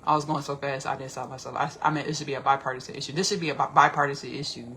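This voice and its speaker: A woman hosting a casual livestream, talking in an animated, rambling, slangy way and repeating herself often. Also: rumbling low, rapid-fire, a little hiss or hum. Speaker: podcast host.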